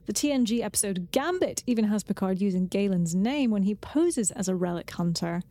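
A woman's voice: medium pitch, lively intonation, brisk, dark tone, no room sound. A woman co-hosting a podcast in casual chat, giving informative recaps with brief fillers. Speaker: podcast co-host.

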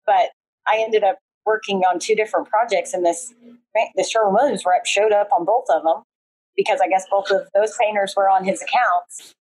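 A woman's voice: mid-range voice, steady tone, normal speed, a little mellow, slightly rough, rough recording. A woman guest on a remote interview, chatting casually and acting out what other people said. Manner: chatty storyteller, acts out quoted voices. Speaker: guest, painting business owner. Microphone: remote video call.

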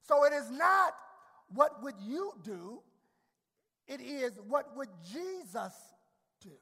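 A male pastor preaching a sermon, repeating words and rising to shouted climaxes. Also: extremely high pitch, big pitch swings, slow pace. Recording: long hall reverb.

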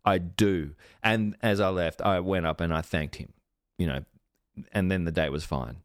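A man, hosting a podcast and telling a long sweary anecdote in an animated, self-mocking way. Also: low-pitched, moderate pace, no room sound, clean studio sound. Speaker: podcast host. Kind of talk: casual storytelling.

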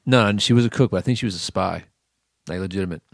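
A man's voice: sits low, fast, vocal fry, dry recording, clean studio sound. A man co-hosting a casual podcast, chiming in with short, joking replies. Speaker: podcast co-host. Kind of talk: casual chat.

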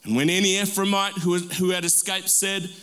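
A man's voice: high-pitched, steady tone, fairly bright tone, clean tone. A man preaching a sermon as pastor, calling for amens and stretching out key words for emphasis. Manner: call-and-response preaching, drawn-out emphatic words. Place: church sanctuary. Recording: long reverb of a large hall.

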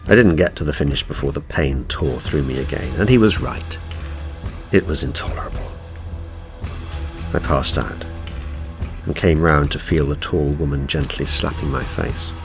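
A man narrating a first-person audiobook in a measured, steady way. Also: rumbling low, over music.

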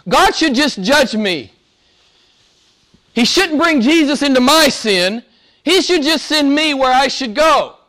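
A man preaching a sermon. He asks the audience rhetorical questions, repeats phrases for emphasis, and swings between loud emphatic peaks and hushed, near-whispered asides. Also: very high-pitched, animated, slow.

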